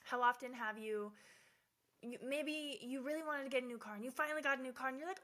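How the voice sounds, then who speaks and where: Bright-voiced chatty woman host. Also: sits high, quick pace. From Southern Oregon. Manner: chatty and animated, tags lines with "right?". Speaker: host of a faith talk show. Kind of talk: casual faith-based talk to listeners.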